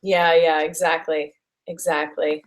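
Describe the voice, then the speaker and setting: A woman's voice: low voice, flat delivery, a little slow. Bubbly woman gushing in casual chat. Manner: bubbly, gushing, lots of fillers and restarts. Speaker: voice actress guest.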